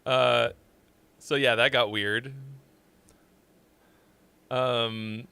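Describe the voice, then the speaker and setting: A man hosting a casual livestream, rambling and joking as he reviews songs, now and then shouting a greeting. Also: mid-range voice, steady tone, drawn-out words, gravelly, slight background noise. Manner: rambling, jokey, with sudden loud shouts.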